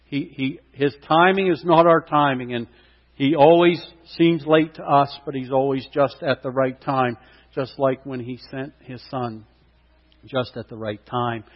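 A man's voice: mid-range voice, steady tone, measured pace. Man preaching a sermon in an echoing hall. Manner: impassioned preaching that swells loud at key points. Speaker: pastor. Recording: long hall reverb, dull lo-fi sound.

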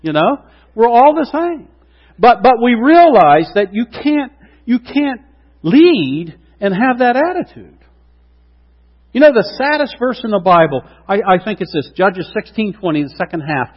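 A middle-aged man preaching a sermon, acting out quotes with lively asides to the congregation. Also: sits high, a little slow, breathy edge. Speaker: pastor. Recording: dull lo-fi sound with long hall reverb.

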